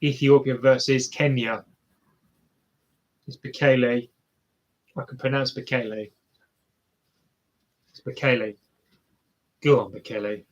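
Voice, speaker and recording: A man's voice: mid-range voice, steady tone, takes it slowly, long pauses, dull audio. A man commentating casually on a marathon live for viewers, chatty and self-mocking as he cheers the runners on. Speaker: live race watch-along streamer.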